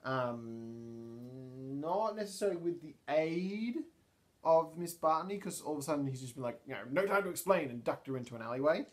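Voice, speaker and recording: A man's voice: medium pitch, moderate pace. A man narrating a solo tabletop game, thinking aloud with many ums and restarts. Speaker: storyteller and player.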